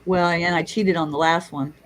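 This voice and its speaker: A middle-aged woman telling a story in casual chat, lively and swearing, acting out the people she quotes. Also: fairly low pitch, moderate pace, a little hiss or hum, poor audio. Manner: animated, swearing, acts out quotes. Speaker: guest storyteller.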